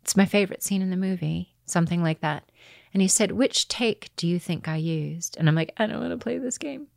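A woman's voice: lowish voice, fairly quick, creaky, no echo, clean studio sound. A middle-aged actress, a woman, telling anecdotes in casual chat and acting out the people she quotes. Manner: animated, acts out quoted people. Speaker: actress guest.

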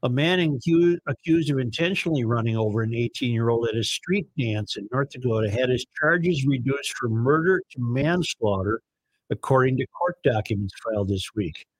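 A man's voice: medium pitch, breathy edge, dry recording, low-quality recording. A man hosting a talk radio show, reading news and this-day-in-history items in a casual, conversational way. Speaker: radio host.

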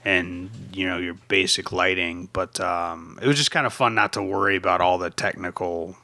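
A man hosting a podcast in casual chat, easygoing and quick to laugh, with plenty of likes and you-knows. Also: deep voice, fairly even intonation, pushed and bright, dry recording. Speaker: podcast host.

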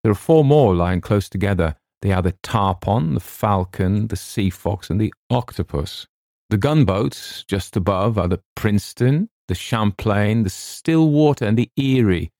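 A man voicing a confident young army officer who lists facts briskly in a read story. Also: on the low side, animated, a little mellow, dry recording, clean studio sound, voice pushed up. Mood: informative.

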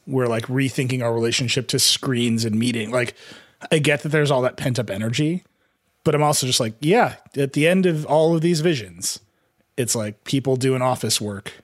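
A man's voice: medium pitch, moderate pace, no echo, studio quality. A man co-hosting a tech podcast, talking in a rambling, sarcastic way full of "like". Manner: animated, rambling, sarcastic with lots of "like". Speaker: podcast co-host. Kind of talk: casual panel discussion.

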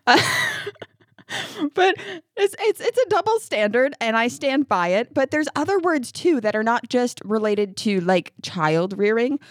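A woman's voice: a little high, big pitch swings, unhurried, no room sound, clean studio sound. Chatty laughing woman ranting on a podcast. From upstate New York. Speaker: podcast co-host. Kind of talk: casual chat.

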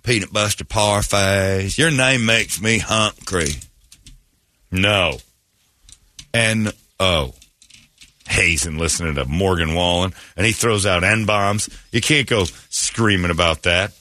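A man's voice: low-pitched, slow, pushed and bright. A man hosting a morning radio show, ranting sarcastically in casual banter. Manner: sarcastic, mocking rants.

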